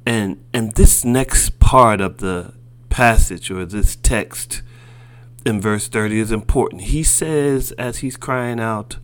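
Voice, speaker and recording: A man preaching a sermon, slow and deliberate, building his points through repeated phrases. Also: fairly low pitch.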